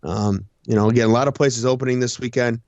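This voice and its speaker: A man's voice: mid-range voice, fairly even intonation, quick pace, vocal fry, darkish tone, no echo, muffled recording. A tired man co-hosting a casual racing chat show, rambling and laughing at himself. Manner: rambling, self-deprecating, laughs often. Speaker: co-host, race announcer.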